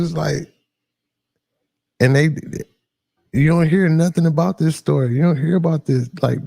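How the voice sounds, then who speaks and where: A man chats loosely on a reaction stream, drawling through slang and filler words. His voice sits low with a gravelly fry and a dark, mellow tone. The sound is dry and close. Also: dry recording. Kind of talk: casual livestream reaction talk.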